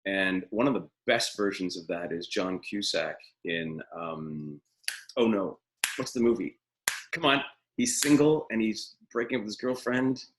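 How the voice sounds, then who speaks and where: A man's voice: fairly low pitch, lively intonation, a little slow, poor audio. A middle-aged man teaching acting in a live webinar from a room at home, talking in an opinionated, rambling way with many fillers.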